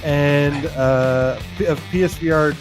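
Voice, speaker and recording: A man's voice: on the high side, fairly even intonation, a little slow, over music. A man co-hosting a live gaming stream, reading viewer names in a playful, laughing, sing-song way. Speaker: podcast co-host. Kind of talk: reading chat shout-outs.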